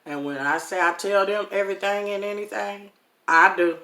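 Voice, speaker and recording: A middle-aged woman telling a personal story to her viewers in a casual, animated way, calling them "y'all". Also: medium pitch, moderate pace. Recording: echoey room.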